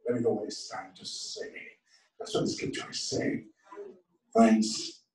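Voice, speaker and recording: A man's voice: medium pitch, warm tone. A man preaching a sermon with passion, calling on the congregation to answer him back. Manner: impassioned, calls for congregation responses. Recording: echoey hall from far off.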